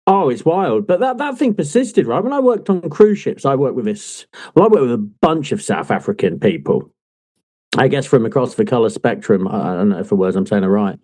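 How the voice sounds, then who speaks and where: A man co-hosting a casual book chat, lively and quick to laugh, swearing freely as he tells stories. His voice is mellow and warm in tone, with an easy, loose delivery. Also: medium pitch. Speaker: podcast co-host.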